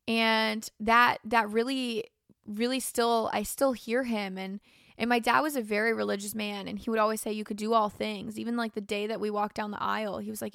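A woman's voice: fairly high pitch, fairly quick, fairly bright tone, no room sound, clean studio sound. A young woman host talking through a casual, rambling personal monologue, emotional and tearful, with many fillers. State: crying. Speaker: podcast host.

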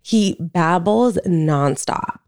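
A woman's voice: fairly low pitch, drawn-out words, a little mellow, no echo, clean studio sound. A woman in her thirties co-hosting a podcast, chatting casually and gushing about her son, with lots of "like" fillers. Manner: gushing, talks with many "like" fillers. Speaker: podcast co-host. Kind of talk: casual chat.

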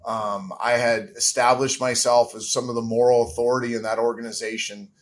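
A man's voice: medium pitch, level tone, a little fast. Earnest middle-aged man, reflective. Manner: earnest, reflective, with frequent fillers. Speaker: guest, former pro quarterback. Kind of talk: candid interview answers.

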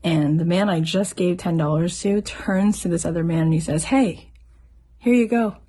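Woman, middle-aged, podcast host, earnest motivational talk, lowish voice. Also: steady tone, normal speed, breathy edge. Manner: warm, earnest, storytelling.

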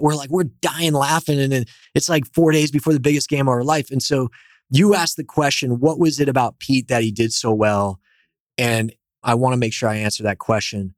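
Animated male founder telling stories. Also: medium pitch, dry recording, studio quality. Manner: animated, energetic storyteller. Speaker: company founder and CEO, guest. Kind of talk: casual storytelling interview.

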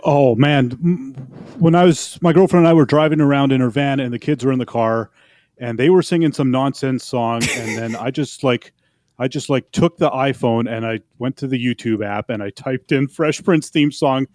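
A man co-hosting an entertainment podcast who tells stories in an animated, rambling way. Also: mid-range voice, moderate pace, dry recording. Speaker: podcast co-host. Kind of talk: casual entertainment chat.

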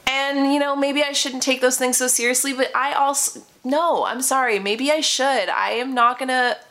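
A woman's voice: fairly high pitch, fairly bright tone. A young woman hosting a podcast, telling a personal story in a candid, chatty way with many "like" fillers. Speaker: podcast host.

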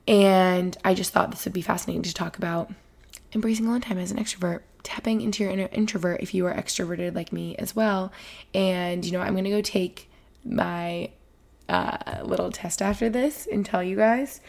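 A woman's voice: lowish voice, normal speed, creaky, darkish tone. A woman in her twenties hosting a casual solo podcast, rambling and emotional, with lots of "like". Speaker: podcast host.

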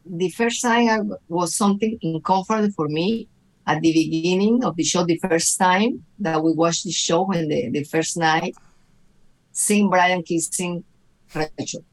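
A woman's voice: on the low side, measured pace, rough recording. A middle-aged woman, a guest and mother, telling stories expressively in a casual chat, with non-native grammar.

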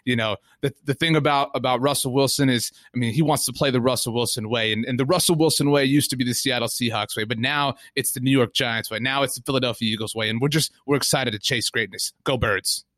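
A man's voice: mid-range voice, fairly even intonation, fast, hardly any pauses, a bit bright, no echo, clean studio sound. A man co-hosting a sports podcast, talking in a rambling, hedging way with lots of fillers. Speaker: podcast co-host.

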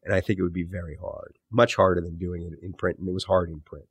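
Low-voiced thoughtful man, dry studio sound. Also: level tone, quick pace, breathy edge, dry recording. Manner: thoughtful, self-correcting, trailing off low at phrase ends. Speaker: author and podcast host, guest. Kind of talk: conversational interview answers.

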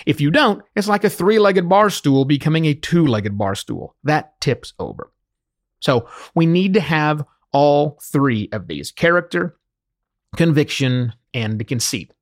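A man's voice: fairly high pitch, a little slow. A man in his fifties, a podcast consultant, giving an emphatic solo teaching talk built around examples from his clients. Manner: emphatic, animated explainer using client examples.

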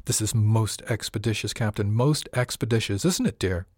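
A man's voice: on the low side, normal speed, darkish tone, no echo, clean studio sound, lightly acted. A man voicing a gushing wealthy lady passenger. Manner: effusive, languid, purring.

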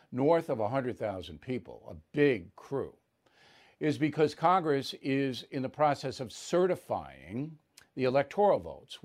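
An older man hosts a live news commentary show, speaking deliberately and in a measured way with firm emphasis. His voice is medium-pitched and a little mellow.

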